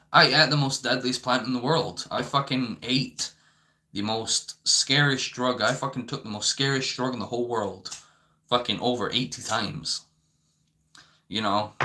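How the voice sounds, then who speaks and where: A man's voice: medium pitch, pushed and bright. A young man ranting to camera in a rambling, profane way, filling his talk with "you know". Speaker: vlogger. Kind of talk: unscripted rant.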